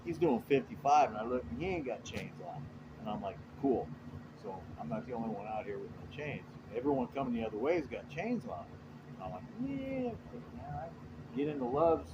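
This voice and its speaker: Male trucker, mid-pitched, talks in loose profane yarns with a lot of swing in the voice; noisy recording with engine rumble. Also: fairly quick, lo-fi sound. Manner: rambling, profane, animated retelling. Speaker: truck driver. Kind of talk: casual storytelling.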